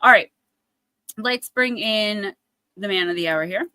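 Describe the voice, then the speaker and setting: Bright, chatty woman livestream host. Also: mid-range voice, a little slow, dry recording. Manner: chatty, storytelling, acts out quotes. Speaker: oracle card reader, livestream host. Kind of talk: casual livestream chat.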